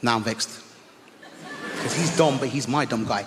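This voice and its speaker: A man doing stand-up comedy, telling a story on a theatre stage and swinging between loud outbursts and hushed asides. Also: medium pitch, normal speed. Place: large theatre stage with audience. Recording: long theatre reverb, faint crowd noise.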